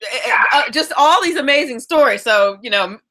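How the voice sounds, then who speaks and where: Bright-voiced woman radio host. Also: high voice, lively intonation, a little fast. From South Jersey, US. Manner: warm chatty storyteller, many restarts, laughs easily. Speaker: radio talk show host. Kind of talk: casual radio interview chat.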